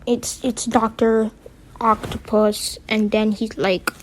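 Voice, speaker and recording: Woman casually retelling a story, halting and rambling, slow, slight hiss behind. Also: fairly high pitch, level tone, rough recording.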